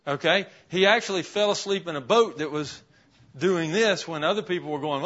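The teacher's voice sits on the high side, a bit bright, at a normal speed. He runs an interactive Bible class, putting questions to the students and writing a list on the board, captured in a dull, lo-fi recording.

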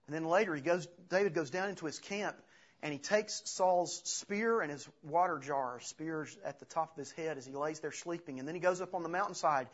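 A man preaching a sermon as pastor, earnest and halting, often restarting his phrases. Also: fairly high pitch. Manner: earnest, halting with restarts, retells scripture with acted quotes. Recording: dull lo-fi sound.

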